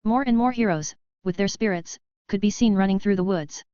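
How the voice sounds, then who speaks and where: A woman narrating a web novel audiobook in a steady, even reading voice. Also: medium pitch, brisk, clean tone, dry recording. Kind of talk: scripted narration. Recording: slightly dull lo-fi audio.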